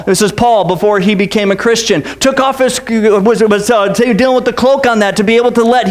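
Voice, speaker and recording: A man preaching a casual, joking sermon as pastor, with many asides and restarts. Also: extremely high pitch. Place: church.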